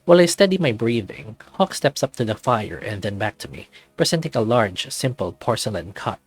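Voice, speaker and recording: A man narrating a story in the first person in a measured, expressive way. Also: on the low side, breathy edge, soft background music.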